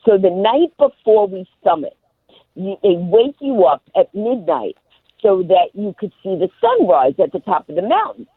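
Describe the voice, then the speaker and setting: Fast-talking woman on a tinny phone line. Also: medium pitch, husky, dry recording. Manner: rapid-fire, animated, acts out quoted voices. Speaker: guest, comedian and motivational speaker. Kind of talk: comic storytelling on live radio.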